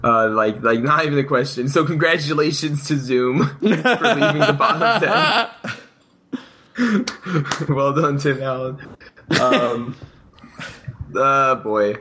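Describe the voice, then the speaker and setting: A man talks loosely and jokes with friends on a podcast. His voice sits at an ordinary pitch, and his talk wanders with drawn-out musing. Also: pushed and bright, slight background noise. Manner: joking, profane, drawn-out musing. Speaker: podcast co-host. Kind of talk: casual chat.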